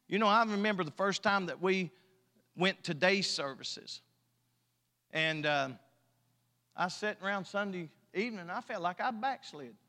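High-voiced preacher in a reverberant church. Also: male voice. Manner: emphatic preaching, rises and drops in loudness, folksy. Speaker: pastor. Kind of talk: sermon. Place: church sanctuary. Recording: long church hall reverb.

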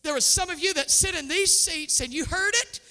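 A woman preacher gives a fervent sermon, her voice bright and piercing. She swings from full-throated shouting to soft, hushed appeals. The sound rings with the long reverb of a large church hall. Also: very high-pitched, fairly quick. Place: church with pews.

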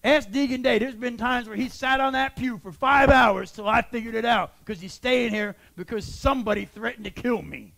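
A man who is a church pastor, preaching a sermon and building to shouted exhortations. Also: extremely high pitch, moderate pace, creaky, hardly any pauses.

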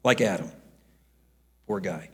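A middle-aged male pastor preaching a sermon, with storytelling that builds into loud, emphatic rebukes. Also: sits low, takes it slowly, breathy edge.

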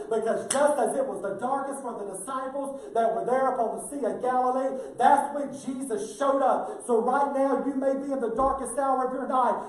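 A male pastor preaching a sermon in a folksy, emphatic way that builds toward fervor. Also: very high-pitched. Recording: very echoey, mic far off.

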